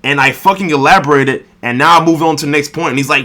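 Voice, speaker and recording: A man's voice: on the high side, quick pace, few pauses, pushed and bright. A gaming video creator, a man, ranting in a response commentary, irritated and swearing heavily.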